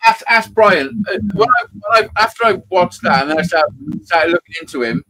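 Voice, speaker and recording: A man co-hosting a live stream, talking in an emphatic, animated way. His voice is a little high and bright. His pitch swings widely as he makes his point. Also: normal speed, dry recording, poor audio. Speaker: co-host. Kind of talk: casual chat on a live stream.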